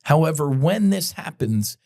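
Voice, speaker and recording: A man's voice: fairly high pitch, expressive, unhurried, a little mellow. A middle-aged man hosting a podcast, delivering an impassioned, blunt commentary monologue with frequent profanity and direct appeals to his listeners. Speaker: podcast host.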